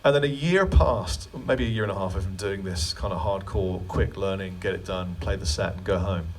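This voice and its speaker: Brief: lowish male clinician, joking storyteller, picked up from a distance in a store with faint background hum. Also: fairly quick. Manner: chatty, joking asides. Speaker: guitar clinician.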